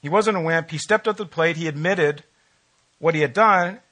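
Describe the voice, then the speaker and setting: Guy preaching to his church, chatty, keeps asking the room questions, bright tense voice. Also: fairly high pitch, moderate pace. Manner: conversational, asks the congregation questions. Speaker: pastor. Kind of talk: sermon.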